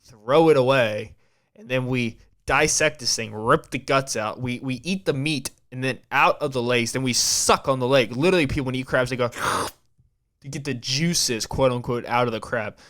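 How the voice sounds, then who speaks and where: A man's voice: mid-range voice, moderate pace, fairly bright tone. A man hosting a podcast, talking in a casual, rambling way with a heavy stutter and frequent restarts. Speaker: podcast host.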